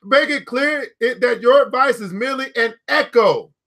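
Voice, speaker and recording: A man's voice: extremely high pitch, moderate pace, fairly bright tone. A man hosting a book club, reading aloud to a live audience and riffing on it with emphatic, playful repetition. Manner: emphatic and playful, repeating key phrases.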